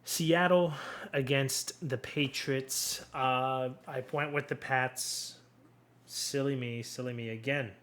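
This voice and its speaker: A man's voice: mid-range voice, fairly even intonation, slow pace, fairly bright tone. A young man hosting a casual solo sports recap, rambling and blunt, swearing freely and restarting his sentences often. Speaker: sports commentary host.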